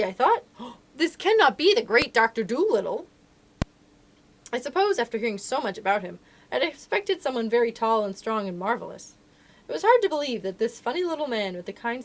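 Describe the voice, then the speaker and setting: Woman reader for library storytime, higher voice, lively and expressive telling of a children's book. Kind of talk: reading a children's novel aloud.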